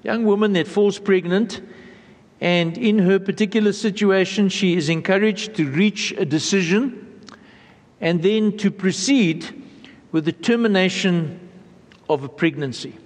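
A man preaching a sermon in a church, earnest and measured, often pausing and repeating phrases. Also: high-pitched, in a large hall. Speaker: pastor.

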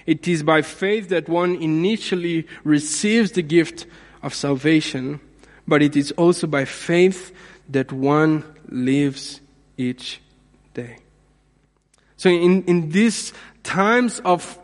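A man preaching a sermon in a measured way, repeating phrases for emphasis. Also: a little high, big-room sound. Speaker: pastor.

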